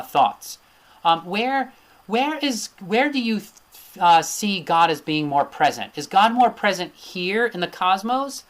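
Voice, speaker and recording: A man's voice: fairly high pitch, a bit bright. A man teaching an Ayurveda lecture over slides, thinking aloud with many fillers and frequent rhetorical "right?" tags.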